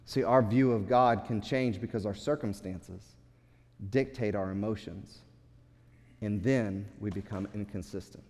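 A man's voice: fairly low pitch, measured pace. Impassioned male preacher in a reverberant hall. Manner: impassioned preaching, swings from loud to hushed. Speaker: pastor. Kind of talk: sermon.

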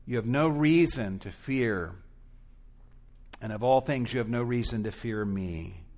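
A man preaching a sermon in a deliberate, reflective manner. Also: medium pitch, animated, a little mellow.

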